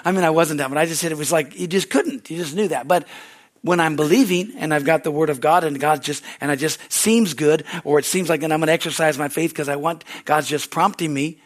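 A male pastor preaching a sermon in a church service, telling stories animatedly and laughing loudly. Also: fairly high pitch, fairly quick. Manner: loud laugh, animated storytelling.

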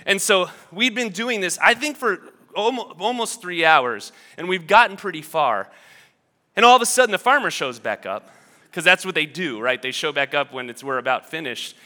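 A man delivers a sermon as pastor, and his storytelling is loose and chatty, full of restarts and little asides. His voice is bright and forward. It rings out with the long reverb of a large hall. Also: high voice, lively intonation, normal speed.

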